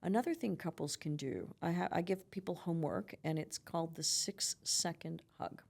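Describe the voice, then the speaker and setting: A middle-aged woman speaks as a therapist guest in a relaxed podcast chat. Her voice sits fairly low and has a gravelly, fry-edged texture. She explains things earnestly, often checking in with "right?". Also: moderate pace. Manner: earnest and advising, with lots of "you know" and "right?". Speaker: psychotherapist guest. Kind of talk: conversational podcast interview, giving advice.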